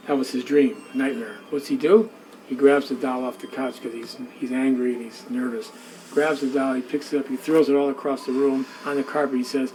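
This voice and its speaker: A man telling a tale during a museum tour, speaking in an animated, conversational way. He repeats himself as he builds the story and acts out the voices of the people in it. A faint background hiss sits under the recording. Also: medium pitch, normal speed, poor audio. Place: indoor museum room.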